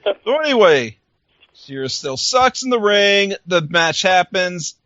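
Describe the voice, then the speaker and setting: This co-host's high, sing-song voice is bright and forceful, and he takes his time as he chats animatedly through a casual podcast recap. Frequent laughter and acted-out lines mark his delivery; no echo, but the highs are cut off.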